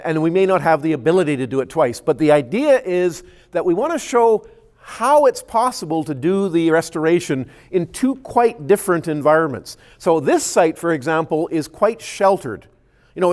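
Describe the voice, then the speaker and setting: A man with a voice a bit above the usual pitch, walking an audience through his slides as a scientist. He explains step by step and stumbles over repeated words when he restarts a thought. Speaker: scientist giving a presentation. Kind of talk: public presentation with slides. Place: community meeting room.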